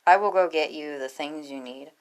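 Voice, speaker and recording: A woman voicing a greedy male creature dealer with a loud, laughing sales patter in a read-aloud story. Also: low-pitched, normal speed. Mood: pushy.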